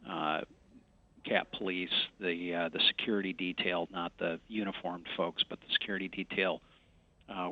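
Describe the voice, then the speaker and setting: A congressman giving a remote news interview, speaking haltingly with many fillers and restarts. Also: low voice, sharp tone, highs cut off. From West Michigan.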